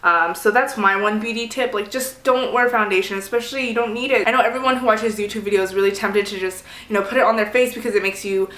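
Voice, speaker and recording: A woman's voice: medium pitch, fast talker, few pauses, a bit bright, roomy sound. A young woman chatting casually while doing her makeup, rambling with lots of fillers. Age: young adult. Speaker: beauty vlogger. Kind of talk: casual get-ready-with-me chat.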